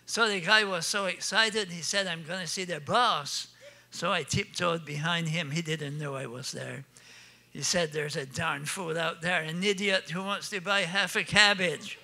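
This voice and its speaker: Bright folksy Acadian French storyteller. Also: male voice, on the high side, moderate pace, creaky. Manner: folksy joke-telling, laughs at his own punchlines. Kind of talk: comic storytelling on stage.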